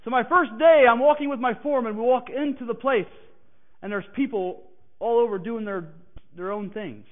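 A man preaching a personal testimony who swings from hushed, halting passages to emphatic declarations. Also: very high voice. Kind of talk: sermon testimony. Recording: tinny phone-like sound.

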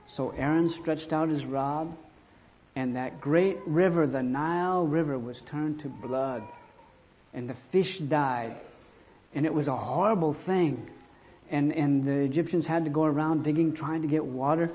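A man's voice: fairly high pitch, measured pace, darkish tone. A man telling a Bible story and reading archaic scripture in a dramatic, emphatic way.

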